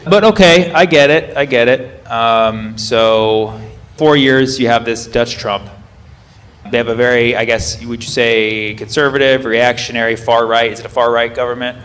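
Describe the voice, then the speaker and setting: A man from the United States doing stand-up crowd work, questioning the audience in a quick, playful way. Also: medium pitch, fairly bright tone. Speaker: stand-up comedian. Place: comedy club with a live audience. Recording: live stage recording with crowd noise.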